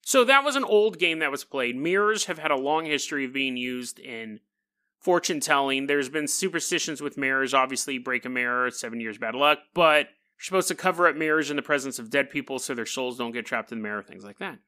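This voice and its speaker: Sex: man. Role: podcast host. Style: casual monologue. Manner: joking, self-mocking. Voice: bright and animated. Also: mid-range voice, fairly quick.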